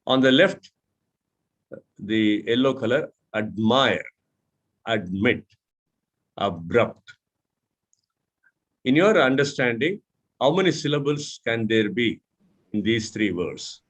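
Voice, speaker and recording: A man's voice: mid-range voice, very animated, takes it slowly, long pauses. A man from India mentoring a club audience on syllable stress, who spells out letters, repeats words and asks the room questions. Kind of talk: instructional talk.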